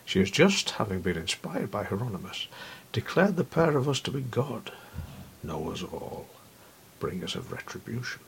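Male narrator, low and gravelly, wry and intimate, lively swings in pitch, slips into whispers; faint hiss. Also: moderate pace. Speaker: storyteller. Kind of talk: first-person literary narration.

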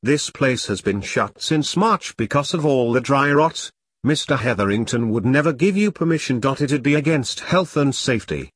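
A stern, bossy caretaker woman, as a man reading a story puts her on, scolding in a husky, lively voice. The storybook reading sounds close and dry. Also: mid-range voice, normal speed, no room sound. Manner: scolding, snapping.

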